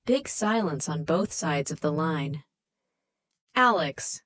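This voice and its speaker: A woman narrating an audiobook in scripted, expressive storytelling. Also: deep voice, slow pace, dry recording.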